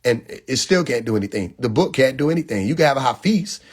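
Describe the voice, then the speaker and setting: A man's voice: medium pitch, lively intonation, fast, breathy edge. A man hosting a live stream, preaching casually and emphatically, repeating his points and asking rhetorical questions into a phone mic.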